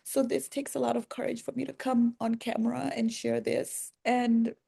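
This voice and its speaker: A woman talking to camera in a personal, reflective vlog, earnest and soft-spoken, often pausing and restarting her sentences. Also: a little high, little pitch movement, creaky, slightly rough. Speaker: vlogger.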